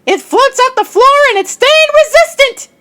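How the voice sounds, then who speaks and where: Dottie, a shrill, excitable cartoon woman who shouts every line. The voice sits very high and leaps all over the place, like a bubbly storybook character. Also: normal speed. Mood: excited.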